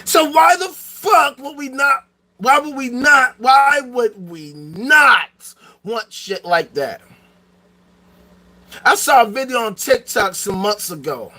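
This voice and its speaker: A man hosting a solo talk show, musing in a profane, excitable rant that breaks into shouting. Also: extremely high pitch. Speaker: podcast host.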